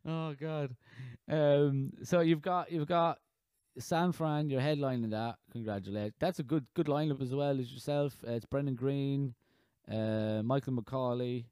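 A man in his thirties hosting a podcast in casual chat, rambling and halting with frequent restarts. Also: mid-range voice, steady tone, a little mellow, smooth, no room sound. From Ireland. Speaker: podcast host.

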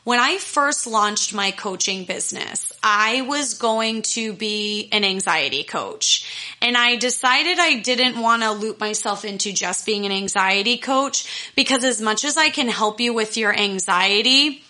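Woman, young adult, life coach, casual chat, candid, fired-up, swears, bright voice. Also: fairly high pitch, lively intonation, a little slow. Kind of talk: casual solo talk to listeners.

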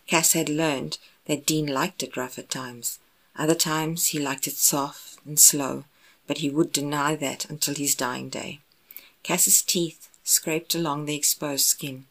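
Woman narrating a romance story, low voice, steady unhurried reading. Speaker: audiobook narrator. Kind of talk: scripted narration of romance fan fiction.

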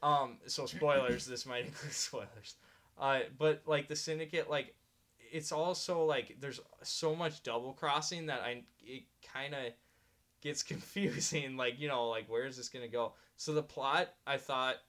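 A chatty man co-hosting a casual podcast, with a bright, forceful voice. He rambles, fills pauses with "like" and "um", and laughs often as he tells stories. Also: mid-range voice, fairly even intonation. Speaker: podcast co-host. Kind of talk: casual chat.

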